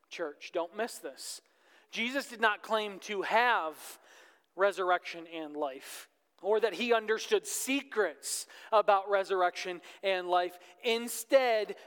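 Male pastor, sermon delivery, clear resonant high voice, church reverb. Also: slow, fairly bright tone. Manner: reads scripture aloud and breaks off to exhort the congregation. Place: church sanctuary.

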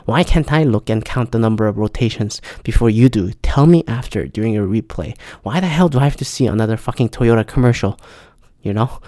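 Male podcast host, gravelly and mellow, exasperated profane rant, dry close sound. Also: mid-range voice, no echo. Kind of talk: casual ranting monologue.

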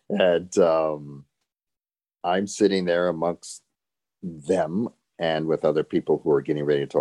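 A man's voice: a bass voice, warm tone. An older man, a former show dancer, telling stories in an interview with a chuckling, reflective way of talking. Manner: reflective, chuckling, frequent "you know". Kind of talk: storytelling in an interview.

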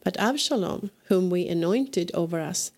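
A woman reading scripture aloud in a measured, deliberate way as a podcast host. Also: fairly low pitch, animated, darkish tone. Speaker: scripture reader.

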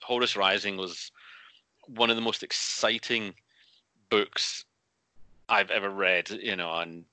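Man, low voice, very bright and forceful, dry close sound, animated, self-interrupting. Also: slow pace, pauses often, smooth, no echo. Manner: animated, restarts often, acts out quotes. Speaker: guest author. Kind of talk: casual interview chat.

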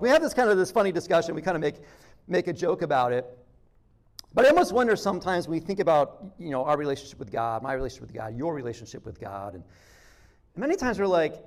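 A man's voice: on the high side, sing-song, fast talker. A man preaching a sermon as pastor, conversational, acting out little dialogues with frequent restarts.

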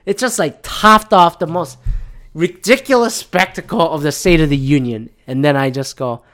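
A man's voice: on the high side, moderate pace, a bit bright. Brief: male podcast host from Michigan, sweary, rambling, sarcastic political rant. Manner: profane, rambling, sarcastic, mocking voices of others.

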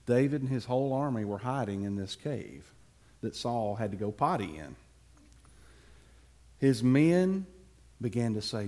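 A man tells a Bible story from the pulpit with wide swings in pitch. He speaks slowly and leaves dramatic pauses, then turns to the congregation with playful asides. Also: expressive, darkish tone. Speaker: preacher telling a Bible story.

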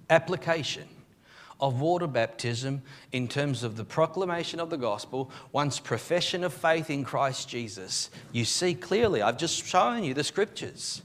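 A man, a pastor preaching a live sermon in church, telling the story with emphatic, animated delivery and frequent restarts. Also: fairly high pitch, a little hiss or hum. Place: church service.

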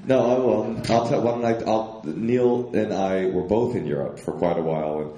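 A man's voice: lowish voice, normal speed, mellow, roomy sound. A man co-hosting a podcast on a live stage, telling a rambling, self-deprecating story with lots of restarts. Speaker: podcast co-host.

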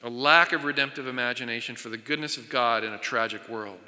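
A man's voice: mid-range voice, brisk, pushed and bright. A man preaching a sermon as pastor, speaking earnestly, often repeating and restarting his words. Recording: long reverb of a hall.

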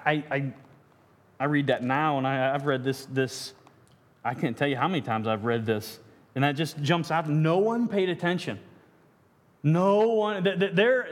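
A man's voice: on the high side, long reverb tail. A man preaching a sermon, reading scripture aloud and then riffing on it with jokes and self-deprecating asides, often restarting his words. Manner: frequent stammered restarts. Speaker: pastor.

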